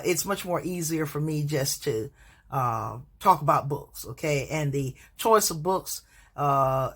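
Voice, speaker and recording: A teacher gives a casual spoken book review in a low-pitched, slightly bright voice. She's hesitant, full of fillers and restarts, and admits she stutters.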